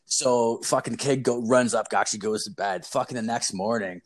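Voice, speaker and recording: A man's voice: medium pitch, moderate pace. A man in his twenties telling a rambling, profane story in casual chat, heavy with fillers.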